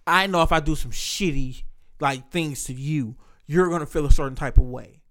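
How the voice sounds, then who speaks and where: Podcast host, male, high-pitched, talks candidly and profanely about his life. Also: moderate pace, pushed and bright. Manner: candid, profane, reflective storytelling. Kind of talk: casual podcast chat.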